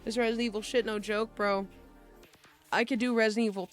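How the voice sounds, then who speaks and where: A woman's voice: fairly high pitch, fairly even intonation, fast, pauses often, faint music behind. A young woman streaming a game, chatting in a loose, slangy, profane way. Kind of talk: casual game streaming chat.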